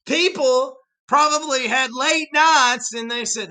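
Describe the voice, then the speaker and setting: History teacher, lively storyteller, unhurried delivery with a bright tone. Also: sits high. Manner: animated storytelling, talks straight to viewers. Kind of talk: recorded history lesson.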